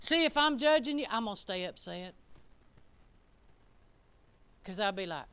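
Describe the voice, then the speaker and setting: A woman's voice: mid-range voice, lively intonation, a little slow, long pauses, fairly bright tone, clear, resonant tone. A woman preaching a sermon in a folksy, conversational, emphatic way.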